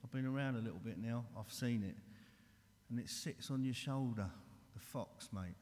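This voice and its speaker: A man's voice: fairly low pitch, fairly even intonation, normal speed, dark tone. A man giving an earnest, blunt recovery share, talking straight and calling everyone mate, in a large hall. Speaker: recovery speaker. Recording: long hall reverb.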